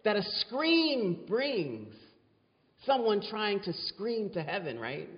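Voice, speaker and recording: A man's voice: sits high, very animated, takes it slowly. A man preaching a sermon as a pastor, dramatic and repeating words for effect. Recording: dull sound with long hall reverb.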